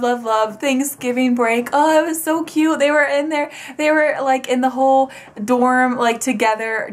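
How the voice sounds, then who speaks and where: A young woman reviewing a book in a casual vlog, gushing and rambling excitedly with lots of fillers. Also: a little high.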